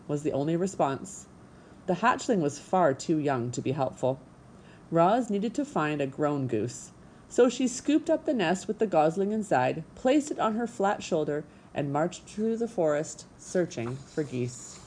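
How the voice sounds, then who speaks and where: A woman reading a children's book aloud with expressive storytelling. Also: lowish voice, measured pace, a little hiss or hum, poor audio. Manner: expressive storytelling, voicing characters. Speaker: narrator.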